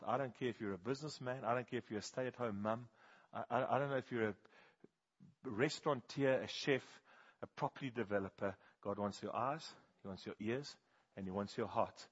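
A man preaching a sermon, telling animated stories and swinging from loud bursts to hushed, slow appeals. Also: mid-range voice, slightly rough. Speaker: pastor. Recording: dull, muffled sound.

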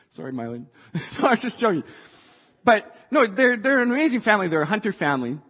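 A woman preaching a sermon to a church, passionate and rising to shouts. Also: mid-range voice, big pitch swings, a little fast, slightly rough. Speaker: church speaker. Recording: dull sound in a reverberant hall.

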